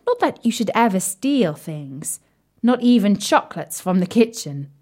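Animated woman telling children's stories. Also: medium pitch, measured pace. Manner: animated, playful, drops to whispers. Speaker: storyteller. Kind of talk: children's storytelling.

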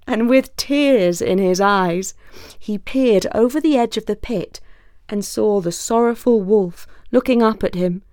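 A woman narrating a fable in a measured, expressive storytelling manner. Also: medium pitch, dry recording, clean studio sound.

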